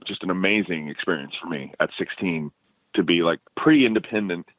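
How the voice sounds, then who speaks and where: A man's voice: low-pitched, a little fast, no room sound. A man telling stories as a musician guest in a casual interview, laughing often and restarting his sentences. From United States. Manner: animated storyteller, laughs often, many restarts. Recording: tinny phone line.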